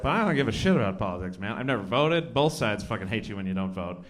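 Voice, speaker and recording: A man's voice: fairly low pitch, big pitch swings, fast, few pauses, slight background noise. A man doing a live stand-up set in a comedy club, swearing freely and talking to the crowd in rhetorical asides. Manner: profane, conversational, rhetorical asides. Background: audience laughter.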